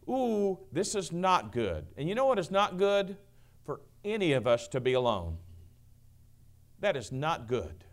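A middle-aged male pastor preaching a sermon, booming then dropping to a hush, acting out quoted voices. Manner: swings from booming to hushed, acts out quotes.

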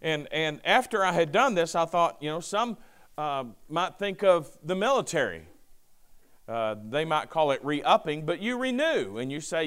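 Lively, high-voiced preacher man. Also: moderate pace, smooth. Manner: lively preaching with asides and quoted scripture. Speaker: pastor. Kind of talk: sermon.

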